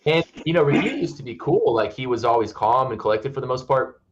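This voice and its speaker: A man's voice: medium pitch, a little fast, muffled recording. A man in a casual online voice chat, telling stories animatedly and acting out what others said to him. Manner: animated storyteller, acts out others' lines.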